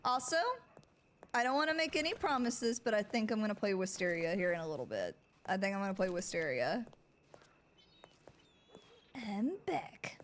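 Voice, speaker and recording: A woman streaming a roleplay game, chatting casually to her viewers in an animated, giggly way. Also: medium pitch, quick pace, slight background noise.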